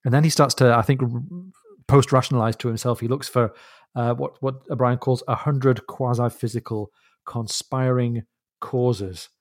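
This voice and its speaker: A man co-hosting a book podcast, walking through a novel's chapters and quoting passages. His voice sits at an everyday middle pitch, recorded close and dry with no room sound. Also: steady tone, normal speed, no echo. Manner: explains literary references with quiet enthusiasm. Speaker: podcast co-host.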